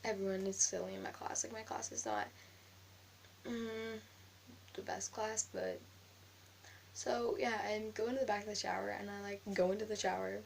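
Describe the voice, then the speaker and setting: A young woman casually telling a story to the camera, rambling and animated, with "like" after nearly every phrase. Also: medium pitch, normal speed, gravelly, pauses often, slight background noise. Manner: rambling, heavy use of filler "like"; animated retelling of an argument. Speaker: vlogger.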